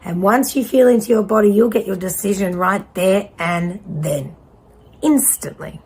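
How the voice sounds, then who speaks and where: A woman giving a pick-a-card tarot reading in a blunt, casual way, swearing freely and pausing to guide the listener. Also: medium pitch, a little mellow, breathy edge. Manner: casual, conversational with guided pauses. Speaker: tarot reader.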